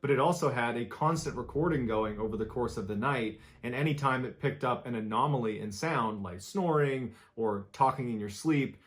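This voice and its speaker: A man telling a true scary story as scripted narration, measured and building suspense. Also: mid-range voice.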